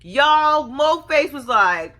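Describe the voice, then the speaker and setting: Her voice sits high and she takes a slow pace as this young woman offers casual reality TV recap commentary. She's animated and sassy, acting out and mocking the people in question.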